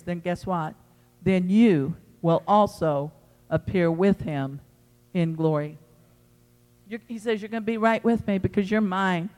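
Preaching in a church sanctuary, a high-voiced man with a slightly mellow tone speaks at a measured pace. He addresses the congregation emphatically, repeating phrases amid long church reverb.

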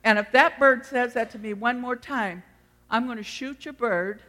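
A woman voicing a fed-up woman in a sermon joke, laying down blunt threats in clipped phrases. The tone stays bright and forceful. Long hall reverb rings behind her. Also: fairly high pitch, normal speed, natural voice. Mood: threatening. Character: angry neighborhood woman threatening a parrot owner.

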